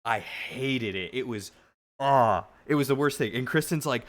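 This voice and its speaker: A man streamer telling a long story casually to his live chat, animated and rambling with frequent restarts. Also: mid-range voice, moderate pace.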